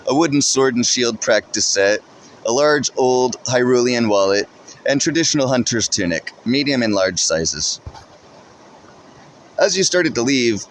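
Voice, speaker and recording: A man narrating a second-person story in a steady, plain reading voice. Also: mid-range voice, slight background noise.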